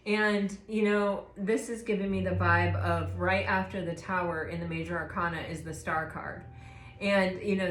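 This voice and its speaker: Casting note: woman, low-pitched, relaxed tarot reader with a meandering delivery, in an echoey room. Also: a little hiss or hum. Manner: rambling, gentle, many fillers and restarts. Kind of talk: casual spoken tarot reading.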